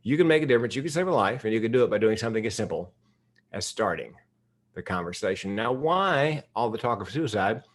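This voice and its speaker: A man's voice: on the low side, lively intonation, fast talker. An older man giving a humorous keynote speech, telling stories candidly with self-deprecating humor. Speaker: keynote speaker.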